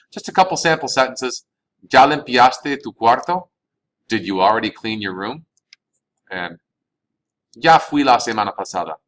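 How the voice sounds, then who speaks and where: Low-voiced man teaching a language lesson. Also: a bit bright, low-quality recording. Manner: patient, explanatory, reads phrases then translates. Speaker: Spanish teacher. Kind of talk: recorded classroom lesson.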